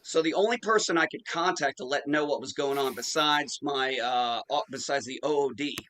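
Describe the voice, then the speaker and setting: A man in his forties tells a story in casual podcast chat. He swears freely and acts out each quote. His voice is bright and tense, at an ordinary middle pitch. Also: moderate pace, a little hiss or hum, rough recording. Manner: profane, animated storyteller acting out quotes. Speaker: podcast host.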